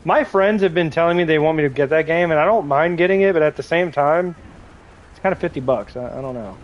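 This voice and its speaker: A man with a somewhat high voice chats loosely to his viewers as he plays, drifting from joke to joke. He rambles and restarts as the game pulls his focus. A faint hum sits under his voice. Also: fast talker, dull audio. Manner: rambling, joking, talks to chat while playing. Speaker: gaming livestreamer. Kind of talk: casual live gameplay chat.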